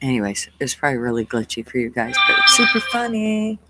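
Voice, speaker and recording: A host chatting casually on a livestream, relaxed and greeting viewers one by one by name. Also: medium pitch, fast talker, very noisy.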